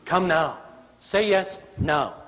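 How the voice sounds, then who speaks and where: A man voicing a calm, insistent male teacher calling followers to come now. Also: a little high, slow. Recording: long church reverb.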